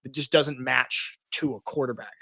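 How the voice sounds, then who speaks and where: A man co-hosting a sports podcast, chatting casually with animated, jokey asides. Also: mid-range voice, normal speed, creaky, no echo, studio quality. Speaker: podcast co-host.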